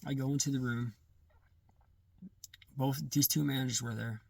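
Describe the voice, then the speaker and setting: A man recounting a personal testimony in casual first-person storytelling, halting and often restarting or correcting himself mid-sentence. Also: medium pitch, steady tone, creaky, breathy edge, no echo, recorded from a distance.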